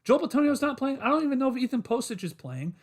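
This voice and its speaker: High-voiced man ranting about football. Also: sing-song, fast talker. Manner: frustrated, repetitive, addresses chat as guys. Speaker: sports podcast host. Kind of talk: solo livestream sports rant.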